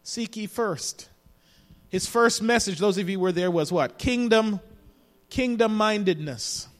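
Male pastor, high-pitched, preaching with rising emphasis in a church with long reverb. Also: measured pace. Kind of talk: sermon. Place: church sanctuary.

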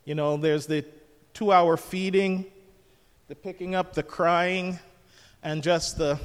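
A man's voice: sits high, fairly even intonation, slow, pauses often, clear, resonant tone, long reverb tail. An older man preaching a sermon as pastor, jovial and conversational, asking the congregation questions.

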